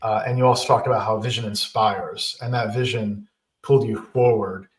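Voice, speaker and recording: A man's voice: lowish voice, fairly even intonation, normal speed, distant mic. A man hosting a podcast interview, reflecting on and summarizing his guest's points. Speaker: podcast host. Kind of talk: conversational interview. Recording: roomy, set back from the mic.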